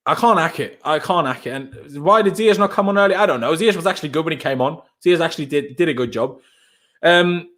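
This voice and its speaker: A young man hosts a post-match fan reaction stream. His voice sits high and swings widely in pitch as he rants in exasperation. He repeats himself for emphasis and trades banter with viewers reading out their messages. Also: fairly bright tone. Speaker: fan channel host reacting to chat.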